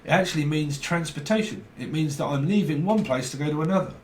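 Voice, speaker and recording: A man giving a casual tarot reading on video, emphatic and dramatic, often checking in with a quick question tag. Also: on the high side, darkish tone, a little hiss or hum. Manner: emphatic, dramatic, keeps asking "right?". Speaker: tarot reader. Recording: echoey room.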